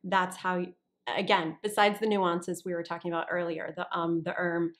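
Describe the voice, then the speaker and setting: A woman's voice: lowish voice, flat delivery, moderate pace. A woman who works as an actor and voiceover artist, chatting as a guest in an interview, often restarting sentences and checking that the listener follows. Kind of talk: casual interview talk.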